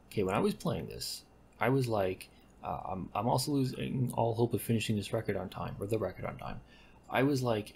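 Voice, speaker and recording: Low gravelly man rambling over gameplay. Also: brisk, a little hiss or hum. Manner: rambling, self-correcting, deadpan asides. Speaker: gaming commentator. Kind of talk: casual gameplay commentary.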